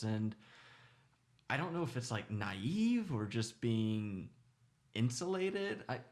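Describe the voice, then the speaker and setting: A man's voice: mid-range voice, lively intonation, a little slow, a little mellow. A man co-hosting a podcast, speaking thoughtfully and hesitantly in a casual chat about his childhood. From grew up in the suburbs. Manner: thoughtful, hesitant, with many restarts. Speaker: podcast co-host.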